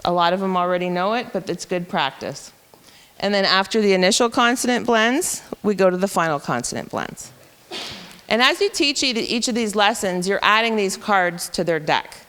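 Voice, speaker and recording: A woman's voice: medium pitch, animated, normal speed, fairly bright tone, in a large hall. A woman teacher patiently explaining reading rules to educators, step by step.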